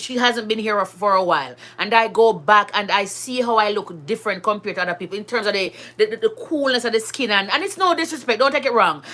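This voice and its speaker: With a mid-range voice and a sharp tone, a Jamaican mother of school-age children chats to her viewers. She talks emphatically in a casual monologue, moving back and forth between patois and standard English.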